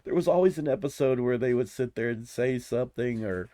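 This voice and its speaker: A man in his forties rambling in casual commentary, excitable and gushing, often restarting his sentences. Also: medium pitch, a little fast, dry recording. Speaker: YouTuber.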